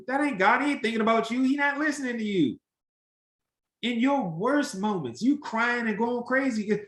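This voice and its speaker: A man teaching an interactive Bible study, animated and emphatic, acting out the voices he quotes. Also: high-pitched, moderate pace, roomy sound.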